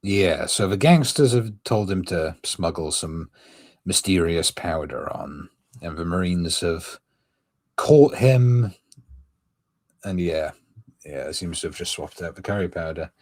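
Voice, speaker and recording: A man's voice: sits low, unhurried, a little mellow. A man streaming a casual manga reaction, thinking aloud as he reads. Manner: thinking aloud, musing with fillers.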